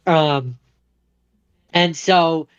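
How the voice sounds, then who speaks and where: A man's voice: a little high, smooth, no room sound, lo-fi sound. A man co-hosting a podcast, casually retelling a movie plot and briefly acting out its characters. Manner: animated retelling, acting out characters in quick impressions. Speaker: podcast co-host.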